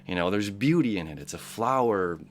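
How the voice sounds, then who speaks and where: A man's voice: on the low side, lively intonation, brisk, a little hiss or hum. Rambling, earnest male astrology host. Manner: rambling, with frequent restarts and stammered repeats; earnest, encouraging tone. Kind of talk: casual daily horoscope monologue.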